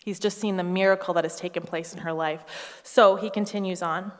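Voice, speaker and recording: A woman in her thirties preaching a sermon as a pastor, animated and storytelling, acting out voices with humorous asides. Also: fairly low pitch, fairly quick, long reverb tail. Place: church hall.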